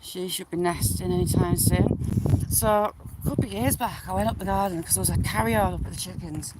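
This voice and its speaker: A woman's voice: lowish voice, a little fast. A woman chatting casually to viewers as she walks through the countryside, rambling and talking to the animals she passes. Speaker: vlogger walking outdoors. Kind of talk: casual live walking chat. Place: outdoors in the countryside, windy. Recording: loud wind noise outdoors.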